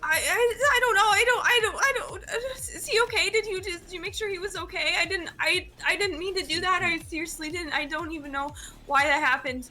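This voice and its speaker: A woman's voice: high-pitched, steady tone, moderate pace, sharp tone. A woman voicing a frightened young woman with dangerous powers, stammering and near tears. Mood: tearful.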